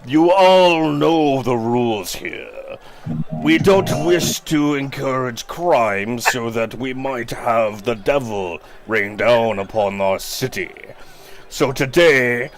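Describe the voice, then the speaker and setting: A man voicing a pompous male town leader who declaims grand speeches to a festival crowd, his voice raised higher and louder than his own. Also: takes it slowly. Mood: pompous, proclaiming.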